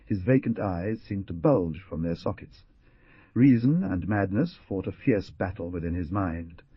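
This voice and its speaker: A man narrating an audiobook in measured storytelling. His voice is low and husky, yet rises and falls a lot. The recording is dry, dull and lo-fi. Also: lively intonation, no echo. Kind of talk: scripted narration.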